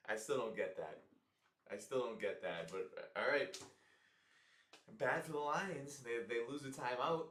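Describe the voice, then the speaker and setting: A man giving casual live reactions to a football game, excitable and exasperated, often repeating himself. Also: medium pitch, a little slow, pauses often, reverberant, far from the mic.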